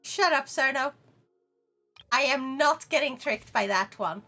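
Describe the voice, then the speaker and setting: Over soft background music, a young Swedish-accented woman banters playfully with her chat while streaming a game, breaking into quick laughs. Her voice is high-pitched and expressive, with a sharp tone.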